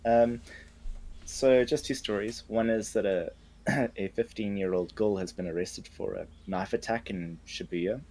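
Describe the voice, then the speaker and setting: A man on a podcast recounting news stories in a casual, hesitant, halting way. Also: lowish voice, a little mellow. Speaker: podcast co-host presenting news.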